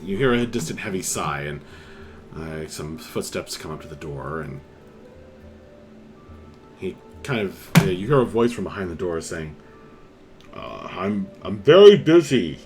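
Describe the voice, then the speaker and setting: Game master, man, low and lively in pitch, slow, hesitant narration. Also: soft background music. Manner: unhurried, lots of fillers and restarts.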